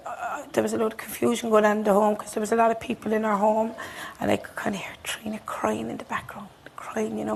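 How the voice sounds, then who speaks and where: Gravelly Irish woman, halting. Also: on the high side, darkish tone, slight background noise, low-quality recording. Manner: halting, repeats herself, drops to near whispers. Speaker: bereaved mother, guest. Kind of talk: emotional interview recollection. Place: TV studio.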